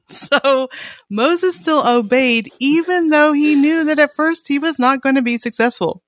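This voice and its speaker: A woman's voice: high voice, measured pace, no echo. Chatty woman podcast co-host, dry close mic. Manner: chatty, laughs often, reads scripture aloud. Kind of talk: casual Bible reading chat.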